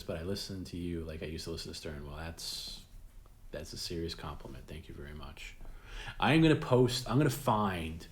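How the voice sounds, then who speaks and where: A man with a notably low voice hosts a casual late-night stream. He rambles, restarts his sentences and chuckles at his own jokes. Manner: rambling, repeats words, laughs at own jokes. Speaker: host.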